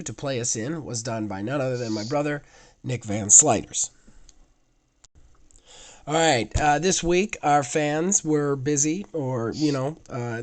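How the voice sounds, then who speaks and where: Male podcast host, hoarse and raspy from illness, casual rambling delivery with offhand swearing. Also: mid-range voice. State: hoarse, sick voice. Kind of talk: casual gaming podcast chat.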